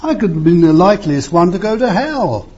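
Older preacher, lively pitch, husky. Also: male voice, a little fast. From East End of London. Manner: emphatic, rhetorical questions, wide swings in pitch. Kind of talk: sermon. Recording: muffled lo-fi sermon recording.

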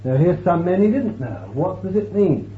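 A man's voice: sits high, very animated. A man preaching a sermon in an emphatic, dramatic way, his voice rising and falling as he quotes and explains scripture. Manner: emphatic, slow, dramatic swells and drops. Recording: tinny lo-fi recording with faint hiss.

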